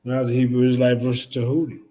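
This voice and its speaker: A man hosting a casual streamed discussion, talking in an animated, slangy, emphatic way. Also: medium pitch, racing. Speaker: host.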